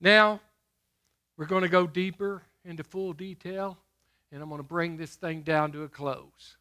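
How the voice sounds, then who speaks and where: A middle-aged man preaching a sermon, emphatic, throwing questions to his listeners and slowing to stress scripture. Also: on the high side, fairly even intonation, pushed and bright.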